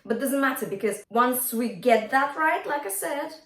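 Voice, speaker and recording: A woman vocal coach giving a singing lesson, talking viewers through exercises and singing short bright demonstration notes. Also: high voice, animated, normal speed. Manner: encouraging, addresses viewers directly, demonstrates bright twangy sung notes. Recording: roomy sound from a bit off the mic, faint music.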